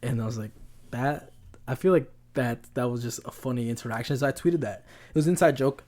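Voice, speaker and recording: This is a young man co-hosting a casual podcast, chatting loosely and telling rambling stories. He often restarts his sentences, and his pitch sits in the middle for a man. His delivery is animated. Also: brisk. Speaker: podcast co-host. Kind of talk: casual chat.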